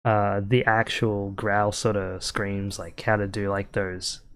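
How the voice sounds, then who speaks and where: Rambling man, slightly low voice. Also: level tone, slow, clean tone. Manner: rambling, heavy use of "like" and "uh". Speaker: podcast guest. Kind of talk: casual chat.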